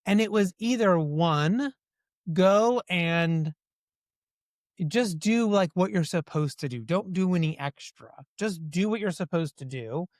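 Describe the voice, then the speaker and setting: A man answering interview questions in a lively storytelling way, often slipping into quoted dialogue. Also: high-pitched, a little slow, no echo, studio quality. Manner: animated storyteller who acts out quoted dialogue. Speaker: guest.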